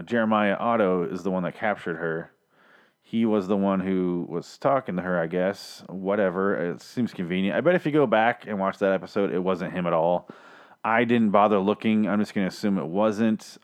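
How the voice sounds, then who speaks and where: A man with a fairly low voice recaps a TV episode in loose, casual talk. He swears often and sounds exasperated and sarcastic about the plot. He is talking into a mic in a small home studio. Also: smooth. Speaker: TV recap podcast host.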